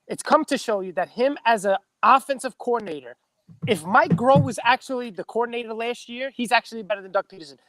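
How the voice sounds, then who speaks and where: A man's voice: high voice, fairly bright tone, no echo. A man on a sports fan show, blunt and emphatic, hammering the same points again and again. He sounds dry and close to the mic. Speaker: show regular. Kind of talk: heated sports fan podcast.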